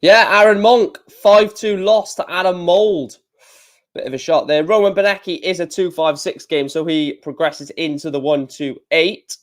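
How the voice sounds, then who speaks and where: A man's voice: on the high side, normal speed. A man hosting a live stream, chatting casually, reading out match results and answering his chat with lots of fillers. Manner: chatty, reads out scores and chat, many fillers.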